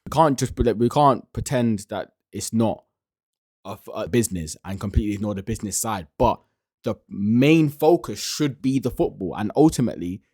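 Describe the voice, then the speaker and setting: A man's voice: on the low side, lively intonation, moderate pace, darkish tone, breathy edge, no room sound, clean studio sound. A man hosting a podcast, giving casual, emphatic reaction commentary and often restarting his sentences. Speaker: podcast host reacting to a clip.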